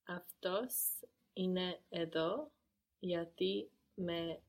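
A woman answering as a learner in a language lesson, giving hesitant replies with pauses. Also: fairly low pitch, vocal fry.

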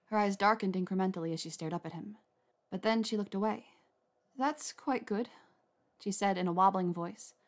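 A woman narrating a story aloud in a measured, even reading. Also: medium pitch. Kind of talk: reading fan fiction aloud.

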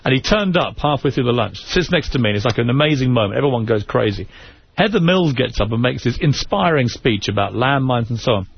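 A man, a former tabloid editor, telling animated stories as a guest on a radio talk show. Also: mid-range voice, gravelly, breathy edge, no room sound. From England. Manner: fast, animated storyteller. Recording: muffled radio broadcast.

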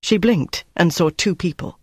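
A man reading a novel aloud in steady, measured scripted narration. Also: high voice, breathy edge, no echo, studio quality. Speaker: audiobook narrator.

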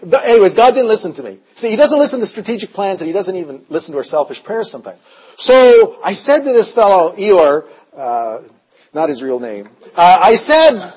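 A man preaching a revival sermon, telling stories in an animated way, his voice swinging between loud and hushed. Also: sits high, a little fast, breathy edge. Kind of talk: storytelling sermon.

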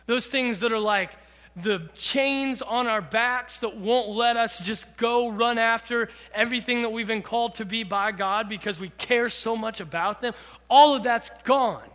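A bright, high-voiced man preaches to a youth group, working through a song's lyrics one line at a time. His earnest voice carries a long reverb from a church hall. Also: unhurried. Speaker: youth pastor. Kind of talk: sermon.

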